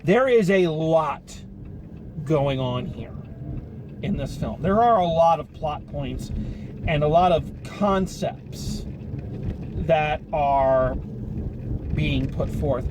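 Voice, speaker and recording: A man's voice: a little high, expressive, takes it slowly, pauses often. A man giving a rambling, sarcastic spoken film review, casual and swearing now and then. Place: car while driving home. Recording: car cabin with road noise.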